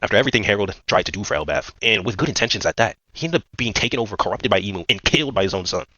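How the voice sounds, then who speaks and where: A man's voice: fairly low pitch, animated, very fast, creaky, sharp tone, no echo, highs cut off. A man giving a casual, rambling recap of a manga chapter, full of fillers and slang. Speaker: manga commentator.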